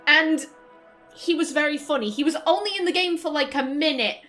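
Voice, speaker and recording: A woman's voice: high voice, a little fast, bright, forceful tone, faint music behind. A woman hosting a let's play, chatting casually and exclaiming as she plays, with playful swearing. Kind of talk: casual gameplay commentary.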